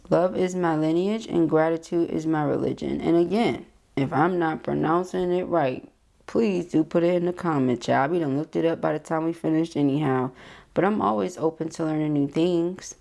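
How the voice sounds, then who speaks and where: A woman's voice: low voice, normal speed, creaky, dark tone. A woman giving a casual tarot reading, reading card affirmations aloud and chatting with viewers. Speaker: tarot reader.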